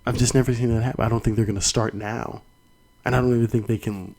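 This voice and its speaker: Young man, podcast host, mellow dark voice, rambling casual talk, restarts. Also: mid-range voice, flat delivery, quick pace, low-quality recording. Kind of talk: solo fight commentary podcast.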